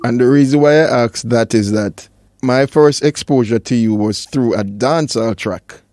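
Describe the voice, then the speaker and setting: A man hosting a radio interview, asking direct, measured questions. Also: medium pitch, a little mellow, dry recording, studio quality. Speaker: radio show host.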